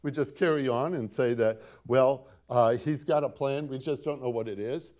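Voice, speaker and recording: At a normal speed, a man with a medium-pitched, darkish voice preaches to his congregation. He's the pastor, quoting scripture dramatically, repeating himself with rising emphasis and asking rhetorical questions.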